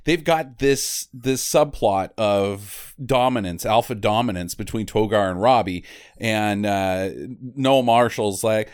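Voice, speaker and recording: A man's voice: on the low side, takes it slowly, clear, resonant tone. A man chatting casually about a film, telling it with silly impressions and sound effects. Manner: animated storytelling with silly impressions. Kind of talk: casual movie chat.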